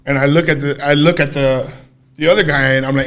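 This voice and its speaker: A man's voice: fairly high pitch, fairly quick. A man casually telling a long personal story on a podcast, swearing freely and acting out what people said. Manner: animated, profane storytelling with acted-out quotes. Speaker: podcast co-host.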